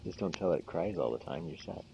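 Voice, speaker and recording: Deep-voiced rambling man telling stories. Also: expressive, fairly quick, lo-fi sound, a little hiss or hum. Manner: rambling storyteller, laughs often. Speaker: game stream host. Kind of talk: casual chat while gaming.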